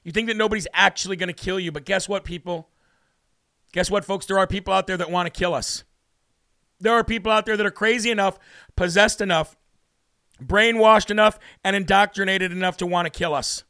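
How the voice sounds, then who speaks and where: A man hosting a talk radio show, delivering a worked-up monologue with a preacher's cadence. His voice sits high and gravelly, with a sharp bright edge. He hammers points home by repeating them, recorded close and dry in the studio. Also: fairly even intonation, fairly quick, no room sound. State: emotionally worked up.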